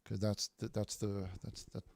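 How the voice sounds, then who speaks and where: A man's voice: lowish voice, flat delivery, normal speed, creaky, a little mellow, no room sound, clean studio sound. A man hosting a casual livestream, reading viewer messages aloud with many restarts and repeated words. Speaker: livestream host reading chat.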